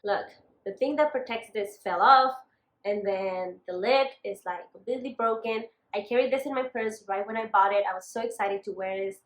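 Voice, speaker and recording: A woman's voice: mid-range voice, moderate pace, roomy sound. A woman beauty vlogger chatting casually about makeup, ranting with exasperated asides. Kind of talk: casual vlog chat.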